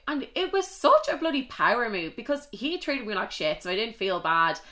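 This young adult podcast host has an Irish accent, a medium pitch, lively intonation and a moderate pace, with a fairly bright tone. Her talk is casual confessional storytelling: open, chatty accounts of her own life, peppered with plenty of swearing.

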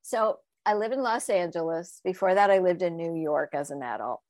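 A woman's voice: lowish voice, moderate pace, dry recording. A woman sex coach and author telling stories in a casual interview, laughing often and acting out the voices of people she quotes. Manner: animated, laughing storyteller who acts out quoted voices.

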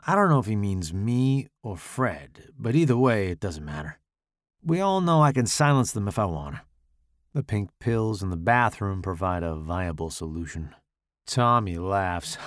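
A man narrating a first-person short story in a measured, dry way. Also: low voice, big pitch swings, no echo. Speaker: podcast host reading his own story.

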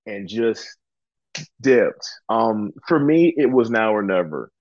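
A man from Georgia, a pro wrestler, telling his story in a relaxed interview, full of ums and acted-out quotes. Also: lowish voice, slow, dull audio. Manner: relaxed, chatty, frequent ums, acts out quoted dialogue. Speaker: guest, professional wrestler.

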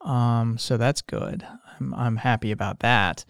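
A man's voice: mid-range voice, fairly even intonation, a little slow, clean tone, no echo, studio quality. Tired, meandering male podcast host. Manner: meandering, frequent fillers and restarts, swears casually. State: tired, yawning. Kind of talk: casual rambling monologue.

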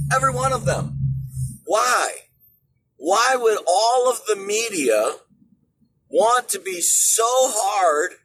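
A man hosting a political commentary show, ranting in an animated way and rising to shouts. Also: sits high, a little hiss or hum, poor audio. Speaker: show host.

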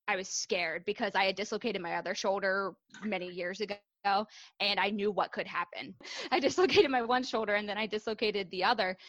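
A young adult woman speaks as a guest on a casual podcast, candid and chatty, her talk full of ums and likes. Her voice is bright and a little forceful. The sound is dry and close. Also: medium pitch, no echo. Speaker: guest, fitness coach.

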